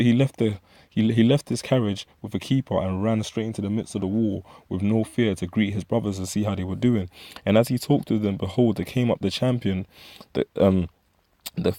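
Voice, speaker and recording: A man's voice: lowish voice, warm tone, dry recording. A man with a London accent teaching from the Bible, reading verses aloud and then retelling them in street slang with many restarts. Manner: frequent fillers and restarts. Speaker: street preacher.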